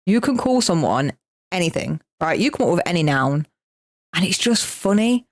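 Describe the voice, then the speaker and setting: A woman's voice: lowish voice, sing-song, moderate pace. A woman with an English Midlands accent co-hosting a casual podcast, telling chatty, self-mocking stories. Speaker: podcast co-host.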